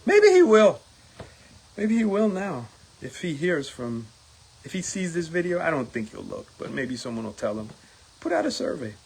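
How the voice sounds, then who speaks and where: A middle-aged man with a husky voice talks straight to the listener as a union steward, in a casual and lively way. His high, swinging voice jumps even higher when he acts out what others told him. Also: moderate pace. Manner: animated, acts out quoted exchanges in a raised voice. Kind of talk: casual video monologue.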